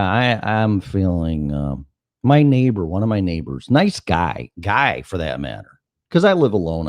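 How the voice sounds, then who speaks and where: Low-voiced animated male talk host. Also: no room sound, studio quality. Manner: animated, profane, acts out dialogue. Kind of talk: casual chat, anecdotal storytelling.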